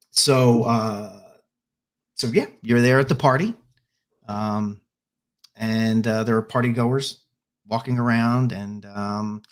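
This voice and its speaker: A man narrating as game master for a tabletop spy adventure, his voice at an ordinary middle pitch. He talks in halting bursts full of fillers, restarts and repeated words.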